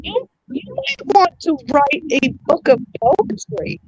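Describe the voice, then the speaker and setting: A woman with a high voice chats casually and reacts effusively. Her pitch jumps around a lot. The sound is dull and dry, as if from a lo-fi mic. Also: very animated, slow pace, darkish tone, no room sound. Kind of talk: casual chat.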